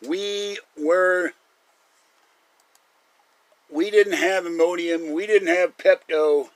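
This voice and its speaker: Brief: talkative male streamer, slightly high pitch, dry close sound, rambling anecdotes with frequent chuckles. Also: steady tone, extremely slow, dry recording, poor audio. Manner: chatty storyteller, chuckles often. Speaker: live stream host. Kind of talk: casual rambling monologue.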